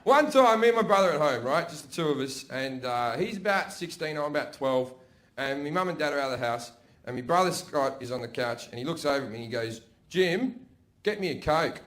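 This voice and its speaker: A man's voice: medium pitch, expressive, fast talker, fairly bright tone. A man with an Australian accent telling crude, profane stories in a stand-up routine on a comedy stage. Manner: crude, profane, conversational storytelling. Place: comedy stage before a live audience. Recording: echoey live comedy venue.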